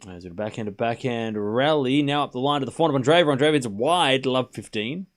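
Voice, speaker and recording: Speaking at a medium pitch and a fairly quick pace, this young man runs a live tennis watchalong stream. Between calling points he chats away and reads out where his viewers are from.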